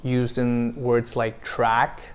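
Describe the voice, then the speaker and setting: A man coaching pronunciation, modeling vowel sounds slowly and deliberately for a learner to repeat. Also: medium pitch, monotone, smooth. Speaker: accent coach. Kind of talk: pronunciation lesson.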